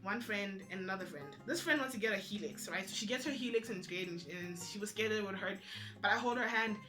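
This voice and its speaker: A young woman vlogging, telling a personal story in a casual, animated way and acting out what others said. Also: mid-range voice, quick pace, music in the background. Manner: animated, acts out other people's lines in quotes.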